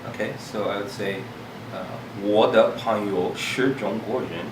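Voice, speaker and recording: Eager man learning, lowish and echoey. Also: a little slow. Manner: eager, thinks aloud, chatty asides. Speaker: language learner. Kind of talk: casual language lesson. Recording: roomy echo from far off, faint hiss.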